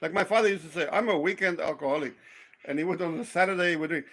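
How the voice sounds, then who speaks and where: Animated South African man telling stories. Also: a little high, very fast. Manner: animated storyteller, acts out quoted voices, swears. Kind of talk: casual storytelling chat.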